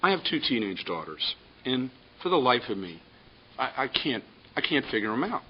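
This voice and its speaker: A man's voice: mid-range voice, very animated, normal speed, close to an everyday voice. A man voicing a simple, earnest father in a joke, bewildered and stumbling a little, on a dull lo-fi recording with faint hiss. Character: simple ordinary middle-aged father.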